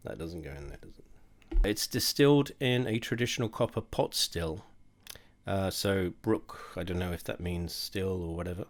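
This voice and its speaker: A young man with a low voice and a moderate pace hosts a drinks tasting video. He's drunk, rambling and swearing through a casual tasting monologue while poking fun at himself.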